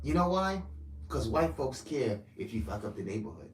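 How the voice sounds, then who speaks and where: A man delivering a profane ranting political monologue to camera, swinging between loud outbursts and low mutters. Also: very animated, moderate pace, reverberant. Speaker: political commentator.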